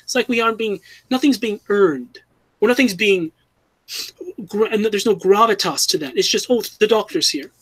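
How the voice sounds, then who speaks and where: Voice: medium pitch, moderate pace, fairly bright tone, slightly rough, dry recording, poor audio. A fan commentator giving an earnest, critical opinion, often restarting and correcting themselves mid-sentence.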